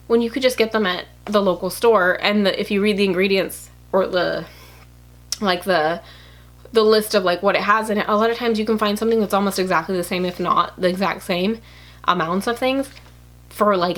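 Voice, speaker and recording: A woman talks straight to her viewers in a loose, unscripted way, frank and blunt, with plenty of fillers and restarts along the way. Her voice sits at an everyday middle pitch for a woman. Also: a bit bright. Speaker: YouTuber. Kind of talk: casual advice monologue.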